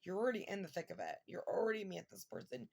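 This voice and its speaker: Gravelly-voiced emotional woman reading tarot. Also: medium pitch, animated, fast talker, darkish tone. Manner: emotional, rambling, filler-heavy. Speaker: tarot reader. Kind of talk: casual tarot reading to viewers.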